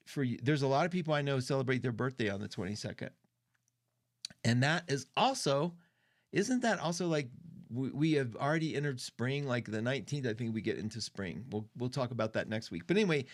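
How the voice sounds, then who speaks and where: A middle-aged man hosting an astrology livestream. His delivery is chatty and loose, emotional and quick to give an opinion. His voice sits at an ordinary pitch for a man. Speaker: astrology show host. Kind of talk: casual livestream talk.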